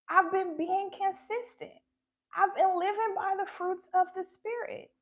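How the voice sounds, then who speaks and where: A woman speaking on a live stream about her faith, halting and emotionally open. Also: very high voice. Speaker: spiritual content creator.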